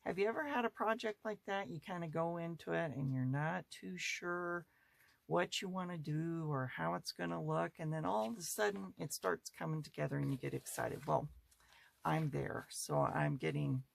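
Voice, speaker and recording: Brief: craft vlog host, heavy vocal fry, friendly show-and-tell to the camera. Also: medium pitch, moderate pace. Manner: chatty, thinks aloud, addresses viewers directly. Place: home craft studio.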